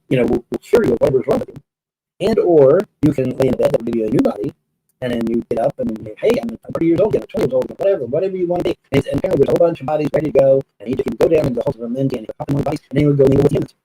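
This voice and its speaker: A man's voice: medium pitch, very fast, warm tone, slight background noise, low-quality recording. A man telling stories in a rambling casual monologue, repeating himself and swearing freely. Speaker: storyteller recounting experiences.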